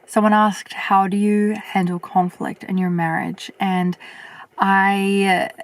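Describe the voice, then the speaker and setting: A young woman vlogging casually as she answers viewer questions, chatty and reflective, with lots of fillers and a voice that turns a little husky at times. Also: mid-range voice, flat delivery, slow. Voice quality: sometimes husky. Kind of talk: casual chat.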